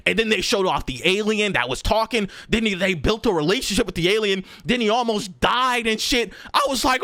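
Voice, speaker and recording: A young man streaming a casual, animated rant to his chat, swearing often and jumping up in pitch to stress a point. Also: fast, hardly any pauses, no room sound.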